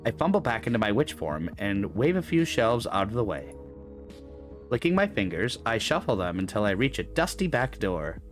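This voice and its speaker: A man's voice: fairly low pitch, very animated, moderate pace, soft background music. A man hosting a gaming stream, reading a game's narration aloud with dramatic flair. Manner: dramatic reading with swearing asides. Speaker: gaming channel host. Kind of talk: reading game narration aloud with live chat.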